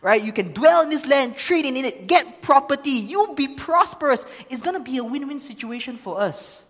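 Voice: high voice, animated, moderate pace, fairly bright tone, voice pushed up. A preacher voicing a casual male chieftain, persuading in breezy slang. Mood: upbeat selling. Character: casual smooth-talking male chieftain making a deal. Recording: long reverb of a large hall.

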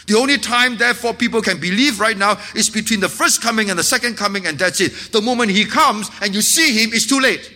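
A man preaching a sermon, impassioned at times and dropping to hushed, earnest tones. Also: high-pitched, brisk, few pauses. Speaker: pastor.

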